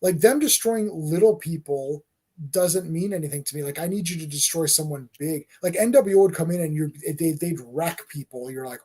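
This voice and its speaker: Rambling man with a slightly high voice. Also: warm tone, husky. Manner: rambling, halting, repeats words. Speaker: podcast co-host. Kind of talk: casual chat reviewing wrestling.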